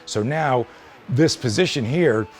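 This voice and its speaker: A man's voice: medium pitch, expressive, slow, faint music behind. A man teaching self-defense in a hands-on demonstration, blunt and emphatic with plenty of swearing.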